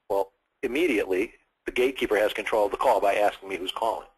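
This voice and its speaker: A man in his sixties, a sales trainer at a live seminar, lively and acting out firm phone calls as he teaches. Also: lowish voice, quick pace, husky, rough recording. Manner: energetic, acts out phone calls in firm and friendly tones.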